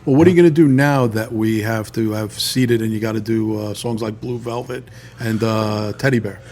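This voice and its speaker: A man's voice: fairly low pitch, normal speed, darkish tone. A middle-aged man, a concert promoter and band manager, talking frankly in a casual chat.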